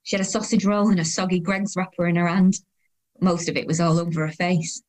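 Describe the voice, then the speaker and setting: A woman's voice: on the low side, steady tone, fairly quick, natural voice. An actress as a dry, weary woman of thirty-two. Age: 30s. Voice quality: dry, sardonic inner voice. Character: weary, self-conscious woman of 32, quietly sardonic. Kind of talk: first-person audio drama narration.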